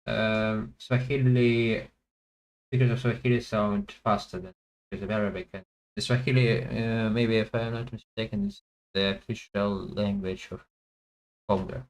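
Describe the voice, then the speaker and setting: A man thinking aloud as he plays a language guessing game, hesitant and full of pauses and fillers. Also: on the low side, steady tone, low-quality recording. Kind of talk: thinking aloud while playing.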